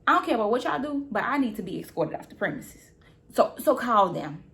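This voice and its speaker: A young woman telling a storytime in a casual vlog. Her voice sits a little high, and she talks in lively, slangy bursts and repeats phrases to drive the point home. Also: a little fast. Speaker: vlogger.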